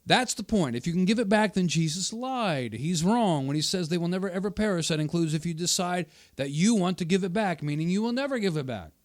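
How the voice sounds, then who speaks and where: Man, combative video commentary, slightly high voice, emphatic repetition. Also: expressive, fairly quick, few pauses. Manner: combative, rebutting quoted remarks with emphatic repetition. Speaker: channel host. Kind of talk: argumentative commentary on a debate video.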